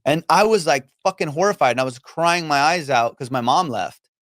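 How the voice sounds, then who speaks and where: A man's voice: a little high, lively intonation, brisk, a bit bright, no room sound, studio quality. A man from Iran, a comedian guest in a casual podcast chat, talking loosely with lots of swearing and filler phrases. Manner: loose and profane, many fillers like you know.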